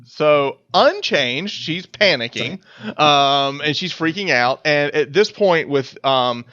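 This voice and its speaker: A man's voice: on the high side, expressive, takes it slowly, bright, forceful tone. A man running a tabletop game as game master, talking casually with many fillers and repeated words. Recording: dull lo-fi audio, dry.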